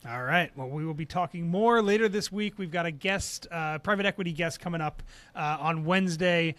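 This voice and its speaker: A man co-hosting a sports business podcast, laying out his views in a measured, analytical way. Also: a little high, a bit bright, dry recording. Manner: measured, analytical, some hesitations. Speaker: podcast co-host. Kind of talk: casual sports business chat.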